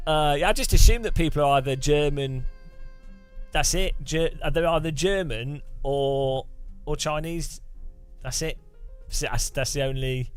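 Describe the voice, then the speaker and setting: A man's voice: fairly high pitch, a little slow, clear, resonant tone, faint music behind. A man chatting casually on a live stream, rambling and chuckling as he thanks viewers between thoughts.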